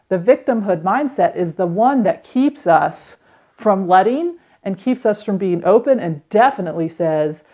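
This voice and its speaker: A woman in her thirties who hosts a podcast tells a candid personal story about healing, speaking reflectively and dropping in quick acted quotes. Her voice is medium in pitch and a little mellow.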